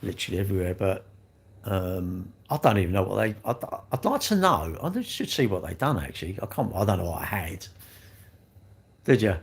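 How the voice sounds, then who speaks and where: A man's voice: deep voice, sing-song, a little fast. Rambling man in his sixties. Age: 60s. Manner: rambling, self-mocking, laughs often. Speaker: livestream host. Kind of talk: casual livestream chat reading comments.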